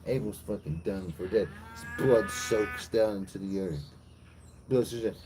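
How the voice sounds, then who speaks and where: A man streaming live, retelling a bible story as comedy in a profane, slangy, animated way. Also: medium pitch, normal speed, a little hiss or hum, low-quality recording.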